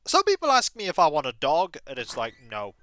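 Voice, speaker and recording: A man's voice: fairly high pitch, wildly swooping pitch, fairly quick, bright, forceful tone, no echo. A man in his thirties streaming a video game, chatting in a playful, rambling, self-mocking way. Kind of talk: casual live game stream commentary.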